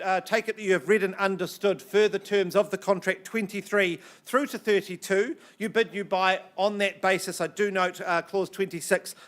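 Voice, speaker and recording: Measured New male auctioneer, high voice. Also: a bit bright. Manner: slow, measured delivery with frequent uh fillers. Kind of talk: auction patter. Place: auction room.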